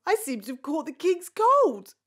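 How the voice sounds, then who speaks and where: Nanny Plum, a bossy fairy nanny. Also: female voice, very high-pitched, sing-song, fairly bright tone, exaggerated voice. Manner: brisk, fussy and self-assured. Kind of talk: cartoon voice acting.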